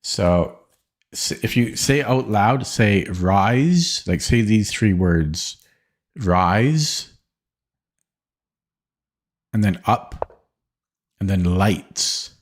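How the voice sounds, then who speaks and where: A man's voice: on the low side, slow pace. A man streaming a chess game, thinking aloud hesitantly and often stammering or repeating words. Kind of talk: live-stream chess commentary.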